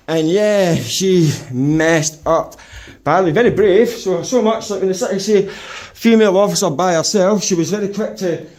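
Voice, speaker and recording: A man's voice: sits high, animated, unhurried, a little mellow, no room sound. A British man filming the police and talking to his viewers, mocking and indignant. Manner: mocking, indignant, talks to camera. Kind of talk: casual vlog commentary to viewers. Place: outdoors on a street.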